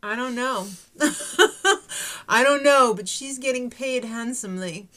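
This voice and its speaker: Woman, young, casual chat, joking, snarky, higher pitch. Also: normal speed, pushed and bright. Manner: joking, snarky, laughs often. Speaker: recap show host.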